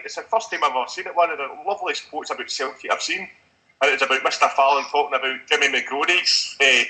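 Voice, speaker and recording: A man's voice: on the high side, sharp tone, low-quality recording. A man in a casual podcast chat, telling stories and reading out quotes at length.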